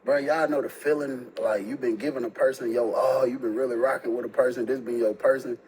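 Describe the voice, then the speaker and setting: A man casually telling a personal story in heavy slang, jumping up in pitch when he quotes himself. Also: fairly quick, a little hiss or hum, rough recording. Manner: animated, slangy, jumps high when quoting himself.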